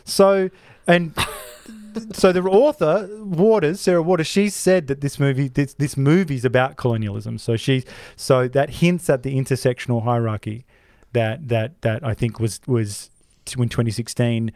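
A man's voice: medium pitch, moderate pace, a little mellow, dry recording, clean studio sound. A man co-hosting a podcast, ranting in an opinionated casual chat with many restarts and asides. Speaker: podcast co-host.

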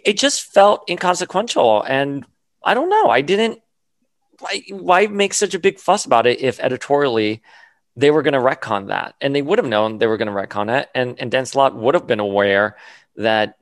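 A man hosting a casual chat, animated and quick to swing into mock outrage, with touches in his speech. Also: mid-range voice, no echo. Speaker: podcast host.

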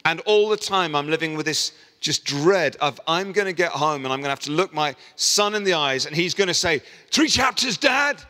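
A middle-aged man preaching a sermon as a pastor, telling stories and lively acting out the people he quotes. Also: on the high side, a little fast, hardly any pauses. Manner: storytelling, animated voicing of quoted people. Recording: long hall reverb.

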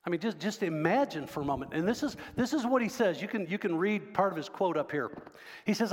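High-voiced preacher in a reverberant church. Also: male voice, lively intonation, fairly quick. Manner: conversational, quizzes the congregation. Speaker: pastor. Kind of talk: sermon. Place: church sanctuary.

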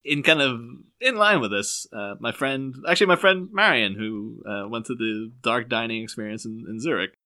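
A chatty man in his thirties with a softened Irish accent mixed with English tones. His voice is bright and forward, and he keeps slipping into playful quoted lines and laughing as he talks podcast-style. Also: medium pitch, moderate pace, hardly any pauses. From Ireland. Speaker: podcast co-host. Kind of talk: casual podcast chat.

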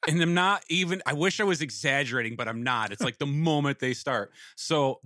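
Sound guy on a podcast telling stories, dry and wry, bright tone. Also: fairly high pitch, brisk, a little hiss or hum. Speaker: sound engineer, podcast regular. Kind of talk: casual storytelling.

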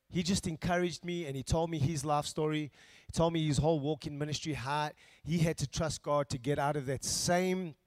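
Fast-talking pastor giving testimony, dry sound. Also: male voice, fairly high pitch, no room sound. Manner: fast, heartfelt testimony rising to a loud cheer. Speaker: pastor introducing a guest. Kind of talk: church testimony.

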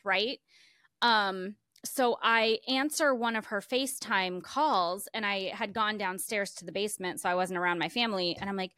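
A woman co-hosting a podcast in casual chat, telling stories in an animated way and laughing often. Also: mid-range voice, normal speed, clear, resonant tone, no echo, clean studio sound. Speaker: podcast co-host.

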